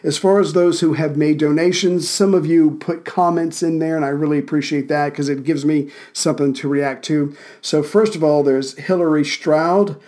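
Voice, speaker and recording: A man's voice: on the high side, fairly even intonation, moderate pace, few pauses, a little mellow. A man hosting a history podcast from Central Virginia, narrating events with dry, wry asides and thanking listeners casually.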